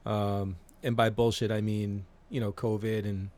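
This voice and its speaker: A man's voice: fairly low pitch, little pitch movement, measured pace, a little mellow. A man in his forties, co-hosting a podcast in casual chat, rambling and swearing with many fillers. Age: 40s. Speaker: podcast co-host.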